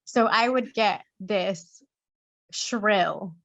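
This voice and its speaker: A woman guest on a podcast, speaking slowly and thoughtfully in a reflective interview. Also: mid-range voice, gravelly, muffled recording, slight background noise. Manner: slow, soft and thoughtful.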